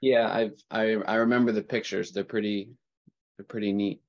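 A low-voiced man speaks in a flat, even tone as a student, asking brief, hesitant questions. The sound is dry and muffled. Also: moderate pace, no echo.

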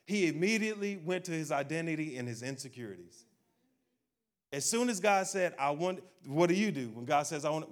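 A man preaching a sermon, speaking directly to his congregation and acting out people's doubts in a low, quiet voice. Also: animated, a little fast. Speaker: pastor.

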